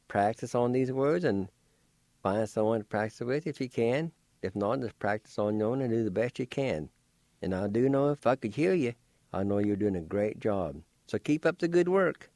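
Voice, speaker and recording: A man giving a radio language lesson, spelling and pronouncing words slowly and deliberately, letter by letter, and encouraging listeners to practice. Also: medium pitch, darkish tone, dry recording.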